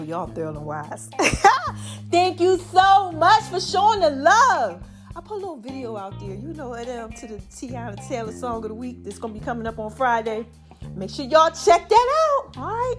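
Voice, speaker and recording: A woman hosting a casual faith podcast, talking to her listeners in an animated, preachy way and a little out of breath. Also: high voice, normal speed, faint music behind. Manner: animated, preachy, calls listeners y'all and child. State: a bit out of breath. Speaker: podcast host.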